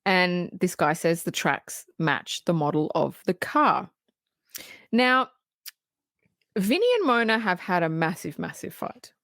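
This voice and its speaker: A woman co-hosting a podcast, casually recapping a film in animated detail, acting out the characters' lines and swearing freely. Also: lowish voice, slow pace, vocal fry, no room sound, studio quality. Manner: animated storytelling, acting out quoted lines, frequent laughs and swearing. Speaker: podcast co-host.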